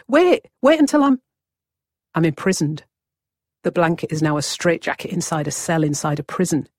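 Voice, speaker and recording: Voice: medium pitch, no room sound, studio quality. A narrator, reading a vivid, wry first-person story as scripted narration.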